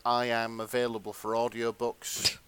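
A man's voice: mid-range voice, completely flat delivery, normal speed, a bit bright, smooth, no room sound. A male podcast co-host doing a comedic dramatic reading of fanfiction, often breaking into laughter.

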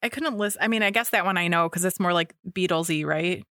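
A woman's voice: lowish voice, fairly quick, a bit bright, no room sound, studio quality. A young woman co-hosting a podcast, chatting casually with plenty of fillers and restarts. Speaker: podcast co-host. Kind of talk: casual chat.

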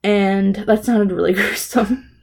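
A woman's voice: medium pitch, steady tone, slow pace, gravelly. A young adult woman casually recapping a TV episode, rambling and swearing, with lots of fillers. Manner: rambling, profane storytelling with frequent fillers. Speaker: podcast co-host recapping a TV episode. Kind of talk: casual chat.

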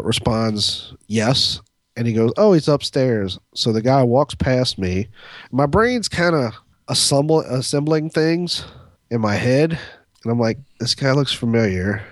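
A man's voice: fairly low pitch, no echo, studio quality. A man co-hosting a podcast, telling a long story in a rambling, profane way, full of fillers and restarts. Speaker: podcast co-host. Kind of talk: casual storytelling chat.

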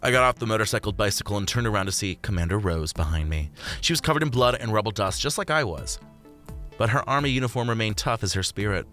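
A man's voice: on the low side, animated, fast talker, pushed and bright. A man reading a first-person story aloud, plainly and with the odd curse, over faint background music.

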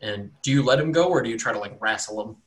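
A man's voice: on the low side, quick pace, background noise. A man narrating as dungeon master for a tabletop game, casual and rambling. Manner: casual, rambling, filler-heavy.

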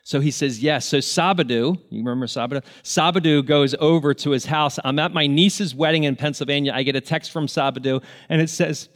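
A man with a high voice preaches, telling stories in an earnest, heartfelt way. He keeps a sermon's conversational storytelling tone. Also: expressive, normal speed, a bit bright. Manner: earnest, emotional, tearful at moments. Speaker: pastor.

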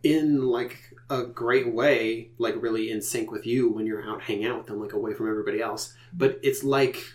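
A man's voice: medium pitch, steady tone, moderate pace, hardly any pauses. Game master, a man narrating loosely with lots of fillers. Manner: rambling, many fillers.

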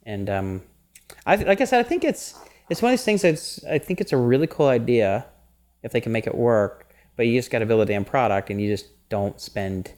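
Guy cohosting a podcast, rambly and lively, keeps cracking up. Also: medium pitch, a little fast. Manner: animated, laughs often, rambling restarts. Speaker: podcast co-host. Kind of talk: casual chat.

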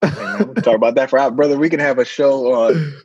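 A man's voice: medium pitch, quick pace, dry recording, muffled recording. A man from San Francisco, a guest on an interview, talking casually and emphatically, tagging his points with "man" and "right?". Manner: animated, emphatic, drops in "man" and "right?" constantly. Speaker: guest, middle school principal.

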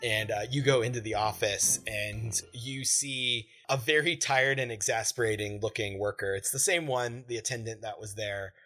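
A man narrating a tabletop role-playing game as game master, describing scenes in a relaxed way. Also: fairly low pitch, normal speed, hardly any pauses, soft background music.

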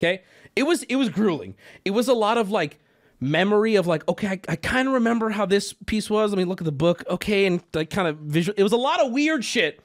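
A man's voice: sits high, lively intonation, brisk. A man streaming, telling a long rambling story to his chat, cursing often, laughing at himself and mocking his own overreaction.

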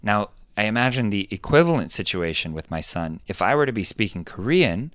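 A man hosting a podcast, talking things through in a relaxed, thoughtful way and acting out quoted lines with sudden pitch jumps. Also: brisk, no echo, studio quality. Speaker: podcast host. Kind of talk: casual explanatory chat.

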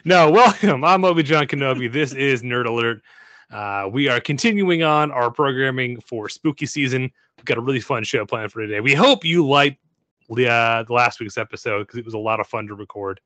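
A man's voice: mid-range voice, lively intonation, fairly quick, bright, forceful tone, dry recording. A man hosting a podcast, introducing the crew in a jokey, upbeat, chatty way. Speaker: podcast host. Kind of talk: casual podcast chat.

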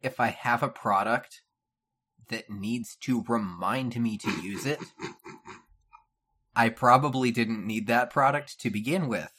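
Man, sardonic co-host, bright voice, deadpan quips. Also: medium pitch, takes it slowly, long pauses, breathy edge. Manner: dry, skeptical comebacks. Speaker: podcast co-host. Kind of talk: casual podcast banter.

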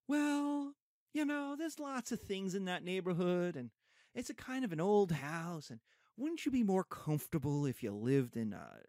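A man's voice: a little high, darkish tone, dry recording, clean studio sound. A man doing a smarmy, polite neighborhood official. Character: polite condescending white neighborhood representative.

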